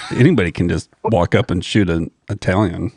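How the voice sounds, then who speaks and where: A man with a very low voice trading teasing banter in a relaxed group chat. He fires back short, dry lines. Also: normal speed, vocal fry.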